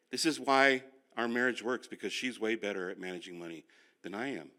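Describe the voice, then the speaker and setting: A man's voice: mid-range voice, bright, forceful tone. A male pastor teaching a class, who tells stories with self-mocking humor and speaks straight to the room. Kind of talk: humorous sermon-style teaching.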